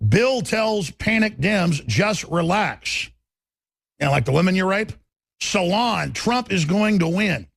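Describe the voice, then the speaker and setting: Gravelly, raspy ranting talk radio man. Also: high voice, lively intonation, takes it slowly, no room sound, clean studio sound. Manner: combative, ranting, emphatic.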